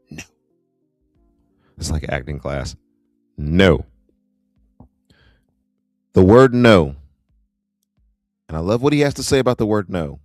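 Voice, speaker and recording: Middle-aged male host, very deep, casual and wry, dry close mic. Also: darkish tone, no echo. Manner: chatty, wry asides, reacts to clips. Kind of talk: casual livestream commentary.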